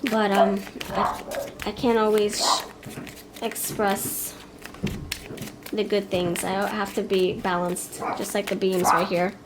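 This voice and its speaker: A woman reads tarot in a loose, rambling way, thinking out loud and restarting her sentences, blunt when she gets frustrated. Her voice sits at a middle pitch for a woman. Clear background noise and the rustle of cards run under the home recording. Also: flat delivery, slow pace, pauses often. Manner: rambling, frank, thinks aloud with fillers and restarts. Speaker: tarot reader. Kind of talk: pick-a-card tarot reading.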